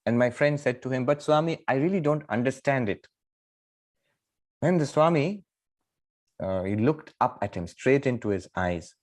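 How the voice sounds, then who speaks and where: A middle-aged man, a monk, teaching scripture in a spiritual lecture, telling stories with thoughtful pauses and emphatic rises in pitch and loudness. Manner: thoughtful, pausing with fillers.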